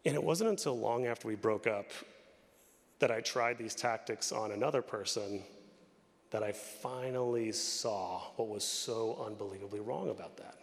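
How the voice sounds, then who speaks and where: A man's voice: lowish voice, moderate pace. A man as a pastor, preaching a sermon in a candid, storytelling way and poking fun at himself. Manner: candid, storytelling, self-deprecating. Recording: long reverb of a hall.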